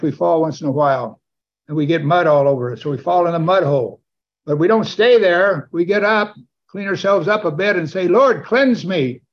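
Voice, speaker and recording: A man preaching a sermon in a church, animated and building to exclamations and calls for amens. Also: fairly high pitch, vocal fry, dull audio.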